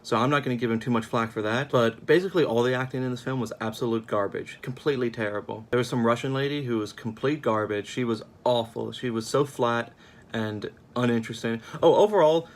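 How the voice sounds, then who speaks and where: A man's voice: medium pitch, fairly quick. A young man giving a casual, sarcastic film review, rambling at an uneven pace.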